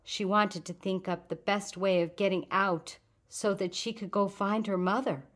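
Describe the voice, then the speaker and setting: A woman reading the part of a grieving adult refugee woman, speaking softly with controlled bitterness. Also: medium pitch, steady tone, normal speed, lightly acted. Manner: soft, hushed, controlled grief.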